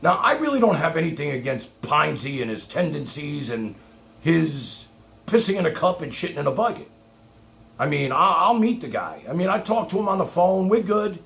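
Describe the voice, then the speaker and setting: A man's voice: fairly high pitch, sing-song, moderate pace, gravelly, a bit bright. A man hosting a livestream, ranting in a heated, mocking and sarcastic way. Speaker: livestream host.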